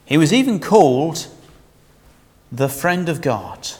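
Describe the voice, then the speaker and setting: A preacher gives a chatty, conversational sermon, throwing rhetorical questions at his listeners and taking it slowly. His somewhat high voice rises and falls with lively animation, and long reverb trails each phrase.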